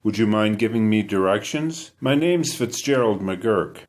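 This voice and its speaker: A man reading an audiobook, voicing a friendly, persistent British biker who coaxes a wary boy, with a low voice. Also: lively intonation, measured pace, a little mellow. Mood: coaxing.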